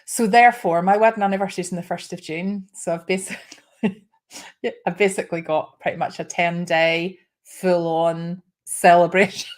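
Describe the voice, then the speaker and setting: A woman's voice: fairly low pitch, fairly even intonation, moderate pace. A woman in her fifties hosting a live show, chatting casually and getting emotional, with restarts and small laughs. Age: 50s. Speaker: host.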